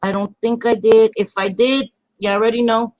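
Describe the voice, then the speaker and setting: A woman's voice: fairly high pitch, steady tone, normal speed, no room sound, low-quality recording. A woman hosting a casual livestream, chatting loosely, swearing and greeting viewers by name. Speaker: livestream host.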